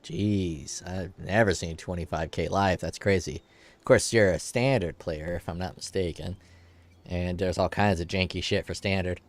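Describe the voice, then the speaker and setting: A man's voice: low-pitched, steady tone, normal speed, dry recording. A man in his forties, stuffed up and nasal, chatting casually and edgily while streaming a game, swearing now and then. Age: 40s. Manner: youthful, edgy, swears casually. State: congested nose.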